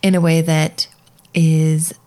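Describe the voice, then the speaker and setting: A woman's voice: low voice, level tone, takes it slowly, warm tone. A woman in her thirties co-hosting a parenting podcast, chatting casually and reading book passages aloud with playful emphasis. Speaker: podcast co-host.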